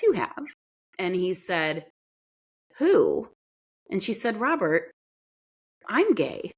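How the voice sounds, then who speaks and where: A woman guest in an interview, telling a story in an earnest, animated way. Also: lowish voice. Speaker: podcast guest.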